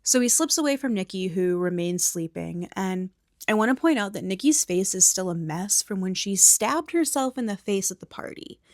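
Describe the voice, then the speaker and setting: A woman's voice: mid-range voice, expressive, moderate pace, no echo, clean studio sound. Whispering woman with blunt opinions. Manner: blunt, opinionated, swears freely; soft unvoiced whisper mixed with quiet speech. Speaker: movie recap host. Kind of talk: whispered movie recap.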